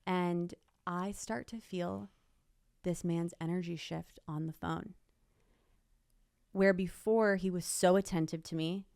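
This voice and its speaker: A woman's voice: fairly low pitch, steady tone, slow pace, creaky, a little mellow, no room sound, clean studio sound. A young woman, an interview guest, emphatically retelling a personal story and quoting what people said. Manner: emotional, emphatic retelling with quoted dialogue.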